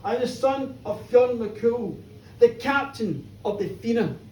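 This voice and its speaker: A dying old warrior proudly names himself in a measured voice, as a woman tells it live. The sound is roomy and distant. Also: on the high side, animated, darkish tone, a little hiss or hum. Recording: roomy live pub recording from far off.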